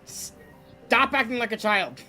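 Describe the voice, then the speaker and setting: A man's voice: very high-pitched, lively intonation, slow pace, bright, forceful tone, faint music behind, voice pushed up, full character voice. A man doing a grumpy old priest. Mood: scolding. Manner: curt, scolding, impatient.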